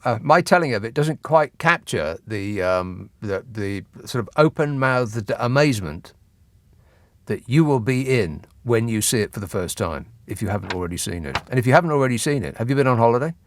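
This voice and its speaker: A man's voice: mid-range voice, lively intonation, fairly quick, no room sound. A man hosting a radio phone-in show, reading out news with sardonic, mocking asides. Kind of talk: satirical news commentary. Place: radio studio. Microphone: studio microphone.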